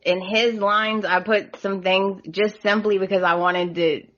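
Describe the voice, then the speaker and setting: A woman hosts a relaxed podcast conversation, her voice bright and forward. She chats easily and laughs often. The sound is somewhat dull and lo-fi. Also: medium pitch, unhurried. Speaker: podcast host. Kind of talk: casual podcast chat.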